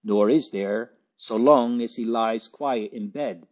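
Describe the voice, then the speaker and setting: Man doing an excitable landlady. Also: mid-range voice, takes it slowly. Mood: fervent. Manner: emphatic, exclaiming, near tears. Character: excitable warm-hearted French landlady, middle-aged. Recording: dull lo-fi recording.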